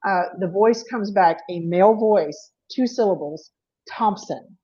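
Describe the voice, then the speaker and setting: A woman's voice: mid-range voice, measured pace, dark tone, breathy edge, muffled recording. A woman presenting her paranormal investigations at an online panel, chatty and apologetic, laughing often. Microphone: video call.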